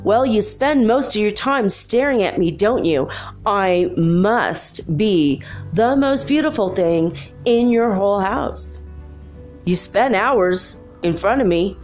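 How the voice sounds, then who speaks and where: A woman's voice: medium pitch, darkish tone, close to an everyday voice. A woman voicing a narcissistic television set that insists on being looked at. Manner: showy and insistent, repeating itself. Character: vain, attention-hungry television set.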